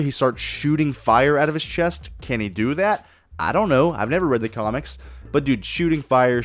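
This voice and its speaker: Hosting his podcast alone, a man rambles eagerly with plenty of profanity and frequent restarts. The recording is dry, and his voice sits in the mid range.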